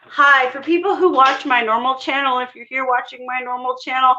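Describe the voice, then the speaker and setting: High, bright young woman on dull audio. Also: fairly even intonation, brisk, a little hiss or hum. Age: young adult. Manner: chatty, candid, swears and acts out quotes. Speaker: guest. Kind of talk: casual chat.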